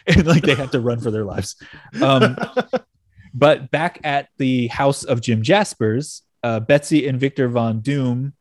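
A man's voice: medium pitch, a little slow, dry recording, studio quality. A man hosting a casual chat show, retelling a story loosely with fillers, swearing and laughing. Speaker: podcast host recapping a comic issue.

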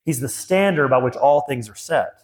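A man's voice: medium pitch, moderate pace. A middle-aged man preaching a sermon as a pastor, earnest and emphatic, repeating key phrases. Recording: long hall reverb.

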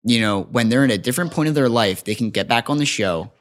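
An eighteen-year-old man, a podcast guest, talking in an excitable, rambling way with many restarts. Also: medium pitch, fast talker. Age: teens. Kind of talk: casual podcast interview.

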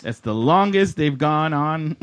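A man's voice: on the high side, animated, slow pace. A man hosting a comedy competition, announcing acts in an upbeat way and slipping in Spanish phrases. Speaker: host. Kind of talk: casual emcee banter. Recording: noisy background.

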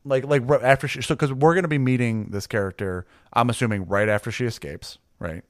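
A man's voice: medium pitch, a little fast, dry recording, clean studio sound. A man acting as game master, talking through a character's backstory in a loose, rambling way with lots of fillers. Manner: rambling, filler-heavy, laughs easily. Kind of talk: casual tabletop planning chat.

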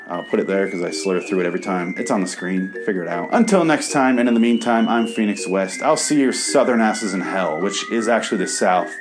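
A man from the American Midwest hosting a comedy show, reading his own writing aloud and then ranting in a sarcastic, profane, bitter way. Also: on the low side.

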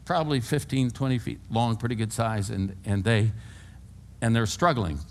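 A man around eighty from California, preaching a sermon to his congregation with folksy, humorous storytelling that swings between hushed and loud. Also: mid-range voice, fairly even intonation, moderate pace. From California, USA. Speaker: pastor. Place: church before a congregation.

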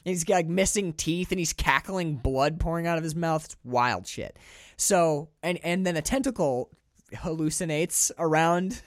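A man co-hosting a podcast, talking through a film in a casual, animated, profane way. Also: fairly high pitch, moderate pace, no echo, clean studio sound. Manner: animated, profane, restarts often. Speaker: podcast co-host.

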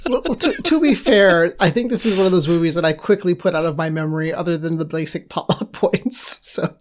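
A woman's voice: fairly low pitch, fairly quick. Woman asking questions, hedging. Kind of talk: casual chat.

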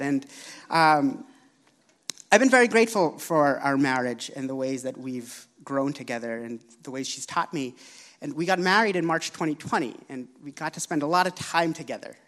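A man preaching a sermon, earnest and expressive, telling a personal story. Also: fairly high pitch.

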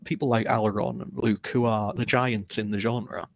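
A man's voice: lowish voice, fairly even intonation, normal speed, no room sound. A man, speaking as an author guest in a casual interview, candid and self-deprecating as he tells his story.

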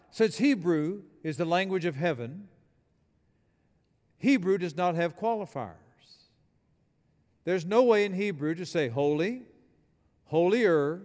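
Male pastor, fervent sermon delivery, higher-pitched voice, reverberant sanctuary. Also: a little mellow. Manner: emphatic preaching with call-and-response. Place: church building.

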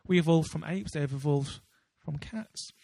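A man's voice: on the high side, measured pace, gravelly, mellow, no room sound. Chatty man with a rambling delivery. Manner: rambling, many fillers and restarts. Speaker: podcast co-host. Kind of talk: casual chat.

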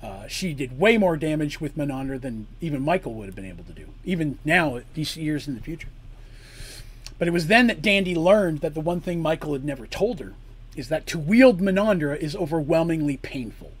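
A man's voice: a little high, lively intonation, a little fast, slightly rough. A man acting as game master, narrating a tabletop campaign story and breaking off to explain the rules and lore.

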